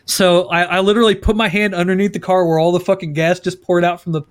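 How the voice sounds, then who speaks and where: High-voiced, profane podcast host. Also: male voice, fast. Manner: profane, laughing, animated storyteller. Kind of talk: casual storytelling chat.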